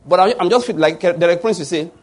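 A man's voice: high-pitched, quick pace. A man preaching a sermon, often asking the congregation fill-in-the-blank questions. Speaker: pastor.

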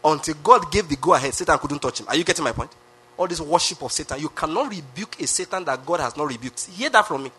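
Husky, high-pitched preacher with Nigerian accent. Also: male voice, lively intonation, fast, bright, forceful tone. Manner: emphatic, repeats phrases, asks the crowd questions. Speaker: pastor. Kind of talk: sermon.

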